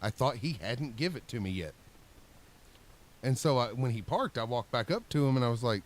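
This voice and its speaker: A man's voice: medium pitch, animated, normal speed. A man telling a long story in casual podcast chat, rambling and acting out what people said. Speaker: podcast co-host.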